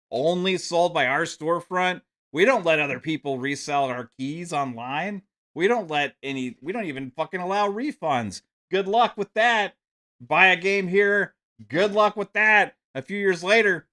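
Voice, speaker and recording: A man's voice: on the high side, bright, forceful tone. A man hosting a gaming podcast stream, ranting profanely and mocking with sarcasm. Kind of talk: ranting live stream commentary.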